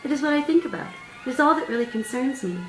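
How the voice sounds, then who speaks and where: A woman's voice: mid-range voice, expressive, moderate pace, natural voice. A woman voicing a small, wise male caterpillar who talks patiently, with mild exasperation. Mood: lecturing. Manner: patient, lecturing, mildly exasperated. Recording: roomy sound, distant mic, faint music.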